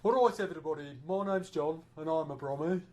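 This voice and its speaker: Dry English cameraman, fairly high voice. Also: fairly quick, a little mellow. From Birmingham area, England. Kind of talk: casual on-camera chat.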